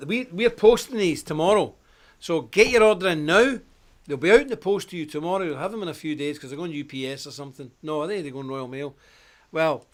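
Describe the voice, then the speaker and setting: A man with an Ulster accent from Northern Ireland, hosting a livestream in a chatty, joking way and greeting viewers by name. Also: fairly high pitch. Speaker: host. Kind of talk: casual livestream chat.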